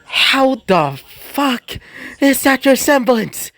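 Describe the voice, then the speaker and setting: A man's voice: high-pitched, big pitch swings, unhurried, no room sound, pitched above the performer's own voice. A man voicing a brash young woman who swears and pushes with raised, demanding questions.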